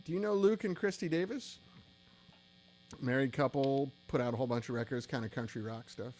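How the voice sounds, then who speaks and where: A man's voice: mid-range voice, brisk, darkish tone, soft background music. A tired, middle-aged man hosting a casual gear-shop livestream, chatty and rambling with self-deprecating asides.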